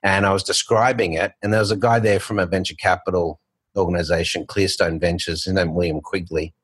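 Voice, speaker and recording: A man's voice: low voice, steady tone, fairly quick, a bit bright, breathy edge, no room sound. A middle-aged Australian man, a guest telling his career story in a rambling, conversational way with fillers and restarts. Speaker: guest, bank founder. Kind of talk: conversational interview.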